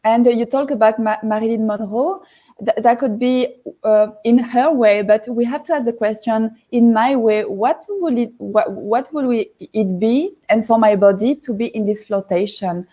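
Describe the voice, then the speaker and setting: A French woman talks in English with a clear French accent, her voice warm and mellow and a little high. She pauses and restarts often as she reaches for words. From France. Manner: hesitant, searching for words, many restarts. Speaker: guest. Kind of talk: casual interview chat.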